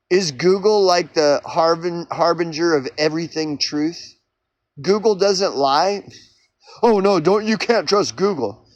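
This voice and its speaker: A man's voice: on the high side, unhurried, dry recording, dull audio. A man from Oklahoma on a profane, rambling solo rant, acting out mock back-and-forth arguments. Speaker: vlogger.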